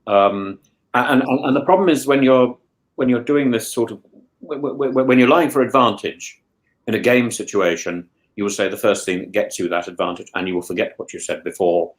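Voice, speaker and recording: Rambling, stammering man musing aloud. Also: on the low side. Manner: rambling with many restarts and stammered repeats; thoughtful, measured musing. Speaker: regular guest. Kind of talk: casual chat.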